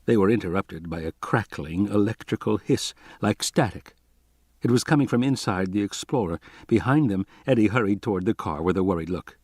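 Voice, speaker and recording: Male audiobook reader, animated delivery, dry booth sound. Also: lowish voice, fairly quick, slightly rough, no room sound. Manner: lively, expressive reading. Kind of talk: audiobook narration.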